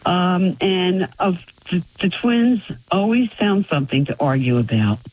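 Caller from florida, kinda husky, chuckles while telling a family story. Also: medium pitch, lively intonation, measured pace, rough recording. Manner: storytelling, warm with frequent chuckles.

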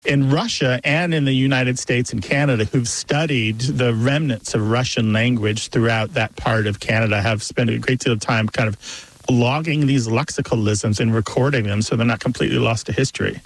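A man co-hosting a radio call-in show about language, relaxed and conversational. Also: medium pitch, poor audio. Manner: relaxed and conversational, quick to laugh.

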